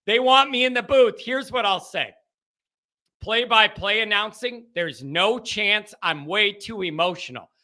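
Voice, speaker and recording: Bright, high-voiced talk show host. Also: male voice, a little slow. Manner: animated, rambling, chuckling. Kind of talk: live call-in show chat.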